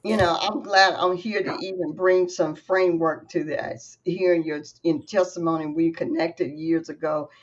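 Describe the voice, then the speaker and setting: A woman's voice: fairly low pitch, fairly even intonation, moderate pace, few pauses, slight background noise. A woman hosting an interview, talking in a preacher-like way and quoting scripture. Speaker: interview host. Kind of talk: interview, faith talk. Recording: dull, slightly muffled audio.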